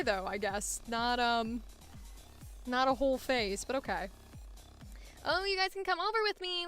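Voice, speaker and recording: A woman's voice: a little high, animated, normal speed, a bit bright, clean tone, dry recording, faint music behind. Rambling woman voice actor thinking aloud. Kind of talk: casual chat while recording auditions. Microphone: headphones monitoring at a home recording setup.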